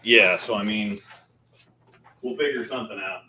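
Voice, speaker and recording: A man with a somewhat low voice co-hosts a livestream in loose, casual chat. He rambles easily and leans on fillers as he talks. A faint hiss sits under the recording. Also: normal speed, rough recording. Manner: relaxed, rambling, filler-heavy. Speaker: co-host of a fundraiser livestream.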